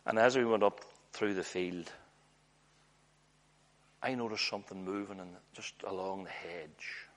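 A man preaching a sermon in an earnest, storytelling way, often letting his voice drop low and hushed. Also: measured pace, pauses often.

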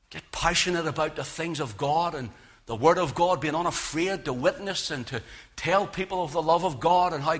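A man preaching a sermon in a church, with a loud, carrying voice that swings from emphatic peaks to low, hushed lines. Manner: impassioned, rising to loud emphatic peaks then dropping low. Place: church with speakers.

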